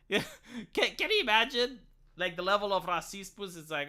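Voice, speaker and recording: A man holds forth on his live stream in a sharp, bright voice. His pitch leaps around as he rambles, tosses off sarcastic asides and swears without a second thought. It sounds like loose, opinionated late-night chat. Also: lively intonation, normal speed, smooth.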